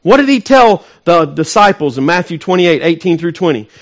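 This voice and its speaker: Male pastor, high tenor voice, emphatic preaching that swells loud then drops to hushed asides, asks the congregation questions. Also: sing-song, moderate pace. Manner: emphatic preaching, rising to loud peaks and dropping to soft, intimate asides. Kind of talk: sermon.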